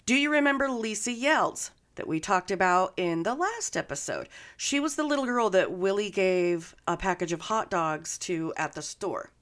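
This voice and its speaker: A woman's voice: mid-range voice, lively intonation, normal speed, few pauses, a bit bright. A woman co-hosting a podcast, telling a true-crime story in a casual, profane, joking way. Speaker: podcast co-host.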